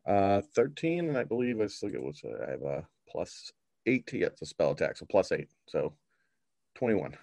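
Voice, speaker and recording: A man's voice: sits low, big pitch swings, normal speed, vocal fry, dark tone, no room sound, clean studio sound. A man playing a tabletop role-playing game, casually declaring his character's actions. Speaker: player.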